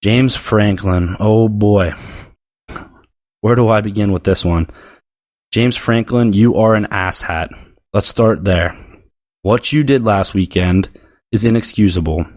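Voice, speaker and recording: A man's voice: lowish voice, takes it slowly, pauses often, a little mellow. Blunt, profane man ranting on sports. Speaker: sports podcast host. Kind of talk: opinionated sports rant.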